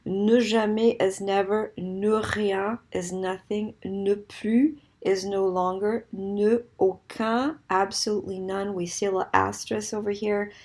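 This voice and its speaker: A woman's voice: medium pitch, little pitch movement, unhurried, hardly any pauses, a little mellow. Woman teaching a French grammar lesson. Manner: clear explanatory teaching, switching between English and French examples.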